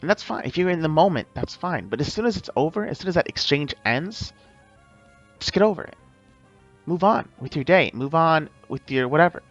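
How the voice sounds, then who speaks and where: A man's voice: fairly high pitch, lively intonation, brisk, muffled recording, soft background music. A man in an unscripted vlog monologue, rambling and repeating himself as he gives advice straight to the viewer. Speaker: vlogger.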